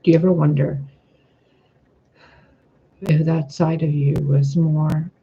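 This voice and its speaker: A man giving a spiritual tarot reading, talking in a gentle, reflective way and asking rhetorical questions. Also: fairly high pitch, little pitch movement, takes it slowly, husky, highs cut off. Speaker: tarot reader.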